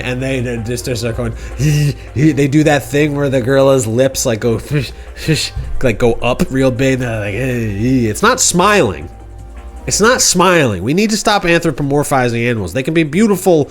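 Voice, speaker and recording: Man, stream host, goofy, slangy, rambling, faint music behind. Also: medium pitch. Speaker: livestream host. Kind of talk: casual rambling storytelling on a game stream.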